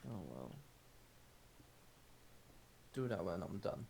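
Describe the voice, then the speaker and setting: A man's voice: deep voice, very animated, slow, creaky, darkish tone, slight background noise. A man chatting casually while gaming with friends, making dry, laid-back remarks.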